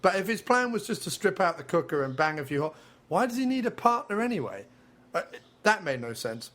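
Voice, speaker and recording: A man's voice: sits high, very animated, a little fast, fairly bright tone. A man co-hosting a film podcast in casual chat, bluntly and scornfully tearing into a movie.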